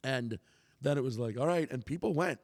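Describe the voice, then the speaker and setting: Male comedian, gravelly, animated storyteller who swears freely, long reverb. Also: mid-range voice, moderate pace. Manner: animated, swearing, acts out quoted lines. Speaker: comedian guest. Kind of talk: casual storytelling in conversation.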